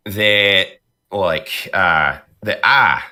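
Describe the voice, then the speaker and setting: Deep, lively man, slow and bright. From northern United States. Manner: laughs often, many fillers and restarts. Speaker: voice actor guest. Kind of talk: casual podcast chat.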